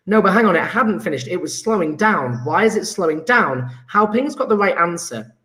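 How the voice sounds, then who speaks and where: A man teaching a chemistry lesson live online, enthusiastic and coaxing, praising students by name with quick asides. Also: high voice, fairly bright tone. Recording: roomy echo.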